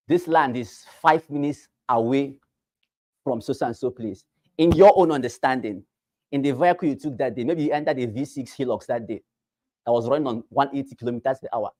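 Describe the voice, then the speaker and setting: A man's voice: mid-range voice, a little mellow, dry recording. A Nigerian man teaching a class for realtors, repeating key phrases and quizzing the listeners with rhetorical questions. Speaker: real estate trainer.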